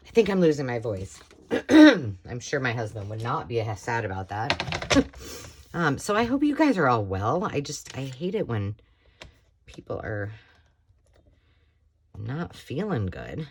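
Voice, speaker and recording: A middle-aged American woman with a slightly hoarse voice, chatting casually while making a craft project. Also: a bass voice, huge pitch swings, slow, pauses often, background noise. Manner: chatty, rambling, self-talk while working. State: slightly hoarse, frog in throat. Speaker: crafting tutorial host. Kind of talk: casual craft tutorial chat.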